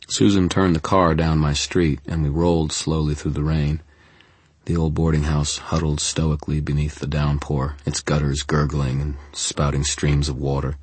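A man narrating an audiobook in the first person, measured and deadpan. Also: extremely low pitch, slightly rough, dry recording.

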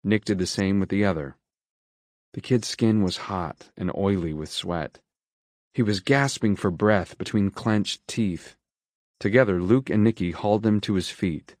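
A man reading an audiobook in a steady, measured narration. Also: lowish voice, no room sound, studio quality. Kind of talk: scripted narration.

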